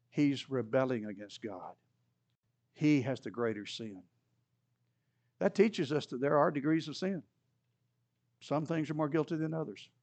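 A man teaching a Bible study lesson in a conversational way, now and then acting out the voices in the story. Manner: conversational, acts out quoted voices with rising pitch.

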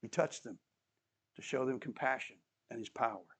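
A man's voice: mid-range voice, normal speed, husky. A man preaching a sermon as an emphatic storyteller who repeats key phrases and adds touches of humor.

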